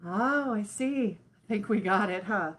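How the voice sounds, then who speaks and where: A woman hosting a live children's lesson, talking straight to the kids in an expressive way full of sighs and exclamations. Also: mid-range voice, a little slow. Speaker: children's show host.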